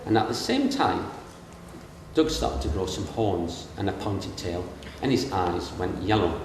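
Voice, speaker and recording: A man's voice: low voice, animated, measured pace. A middle-aged man from England giving a comic wedding speech from memory, telling stories and mimicking the voices of people in them. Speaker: wedding speaker giving the best man's speech. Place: large reception room at a castle wedding. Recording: distant and echoey, with room noise.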